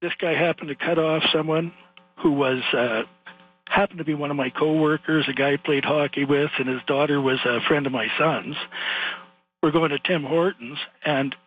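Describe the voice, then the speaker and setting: An older Canadian man calling in to a radio show, telling a long story in a rambling, animated way with laughs along the way. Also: a little high, moderate pace, breathy edge, soft background music. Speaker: caller. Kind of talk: phone-in storytelling. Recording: muffled phone line.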